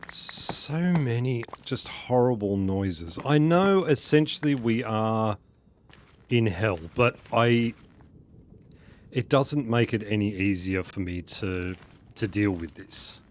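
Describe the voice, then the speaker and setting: Slow-talking man streaming a game. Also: fairly low pitch, a little hiss or hum. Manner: chatty, joking, laughs at his own jokes. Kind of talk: casual live-stream commentary while playing.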